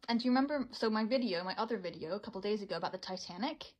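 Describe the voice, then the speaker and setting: A woman's voice: medium pitch, racing, low-quality recording. A woman in her thirties telling a personal story to camera in a casual, rambling way, often cutting herself off. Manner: excitable, rambling, self-interrupting. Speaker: storytime creator.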